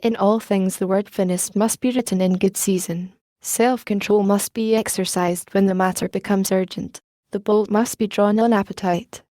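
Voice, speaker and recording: A pompous young male student holds forth to his friends in a measured, sermonizing tone, as a woman reads him aloud. The voice is mellow and sits in a middle register. The recording is dry and close. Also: medium pitch, steady tone, dry recording, lightly acted. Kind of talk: audiobook reading.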